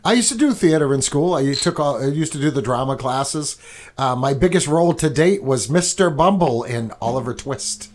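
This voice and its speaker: A man's voice: medium pitch, animated, moderate pace. A man hosting a casual podcast from a garage studio, telling loose, profane stories and teasing his guests. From New England. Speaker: podcast host.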